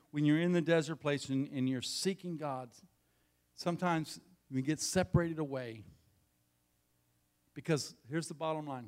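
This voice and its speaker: Preaching a sermon, this pastor swings between quiet, intimate passages and loud, emphatic ones, repeating key phrases. His voice sits a little high.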